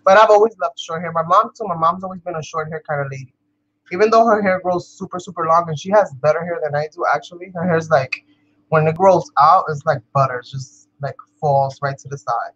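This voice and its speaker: A woman's voice: low-pitched, fairly quick, fairly bright tone, slightly rough, highs cut off. Chatty New woman crafting vlogger. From New York. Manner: chatty, laughs often, talks to viewers as "you guys". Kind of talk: casual chat while crafting.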